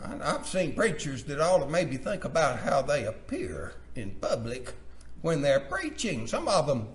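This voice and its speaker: A man preaching a sermon, reading scripture aloud and swinging from low, quiet asides to loud, rising exhortation. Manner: reads scripture aloud in King James wording.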